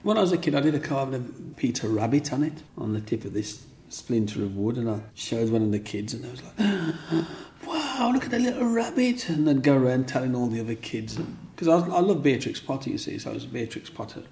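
A man in his sixties with a gravelly edge, telling his story at length. He circles back, repeats himself and keeps checking in with the listener. A faint hiss sits under the voice. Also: mid-range voice, fast talker, hardly any pauses, warm tone. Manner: rambling, repeats himself, "you know what I mean". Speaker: interviewee. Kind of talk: reminiscing storytelling.

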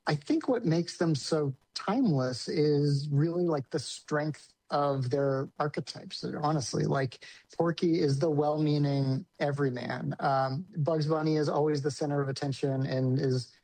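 Man, director interview, enthusiastic, filler words, slightly high voice, dry sound. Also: measured pace, darkish tone, dry recording, poor audio. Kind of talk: casual interview answer.

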